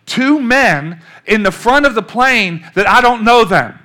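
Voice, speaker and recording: Older male pastor, high bright voice, animated storytelling sermon. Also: unhurried. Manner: storytelling, animated, calls out to the congregation.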